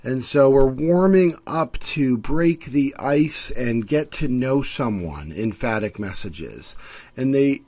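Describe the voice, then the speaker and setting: A man's voice: medium pitch, lively intonation, slow, darkish tone, no echo. A male instructor giving a recorded screencast lecture, explaining terms and acting out short everyday example lines. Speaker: college instructor.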